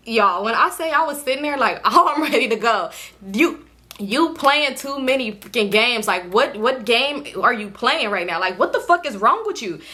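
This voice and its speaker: A young woman vlogger casually telling viewers a storytime, animated and slangy, indoors at home under a ring light. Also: a little high, normal speed.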